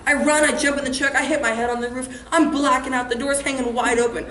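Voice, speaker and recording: Brief: woman as a rambling teen delinquent, fairly high voice, echoey stage sound. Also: fairly even intonation, quick pace, a bit bright. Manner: breezy, rambling, full of "like" and "right?". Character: reckless rambling teen troublemaker on probation. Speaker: student actor in a stage monologue. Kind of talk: comic stage monologue. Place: live on a theater stage. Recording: echoey theater hall, faint hiss.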